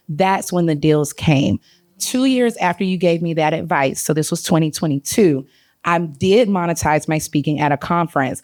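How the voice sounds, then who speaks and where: Southern woman in the audience, candid and effusive, lowish voice, dry close sound. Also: a little mellow, no echo. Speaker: audience member. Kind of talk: audience comment at a panel.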